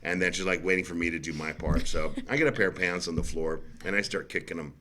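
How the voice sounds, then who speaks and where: Bright-voiced man telling rambling stories. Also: low-pitched, quick pace, a little hiss or hum. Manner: rambling storyteller, acts out quotes. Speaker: host. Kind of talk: casual chat.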